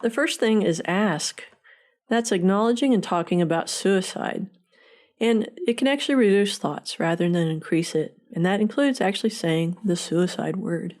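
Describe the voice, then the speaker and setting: A woman, the podcast's producer, giving a scripted informational segment in a measured, earnest way. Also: medium pitch, darkish tone.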